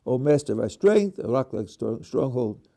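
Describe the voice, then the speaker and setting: Gravelly yet warm, his medium-pitched voice rising and falling in a sing-song way, a middle-aged rabbi speaks at normal speed in a lecture on prayer. He lays things out step by step, asks the class questions, and repeatedly restarts words.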